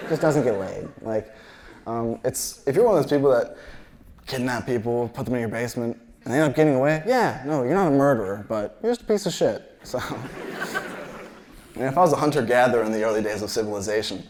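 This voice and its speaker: A man's voice: mid-range voice, darkish tone, slight background noise. Rambling young male stand-up comedian. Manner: loose, rambling delivery with filler words; acts out quoted voices. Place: live comedy show.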